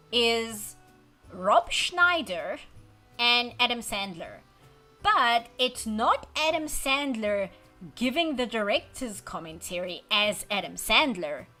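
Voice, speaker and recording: Woman art streamer, slightly high voice, rambling wry chat, faint music underneath. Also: sharp tone. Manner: chatty, wry, self-deprecating rambling; reads and answers chat messages. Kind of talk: casual chat while drawing on stream. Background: faint background music.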